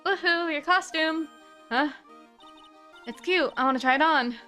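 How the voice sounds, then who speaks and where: A woman's voice: high-pitched, unhurried, sharp tone, faint music behind, pitched above the performer's own voice. A woman voicing a bubbly young female circus animal tamer in a sing-song, childlike, gushing manner.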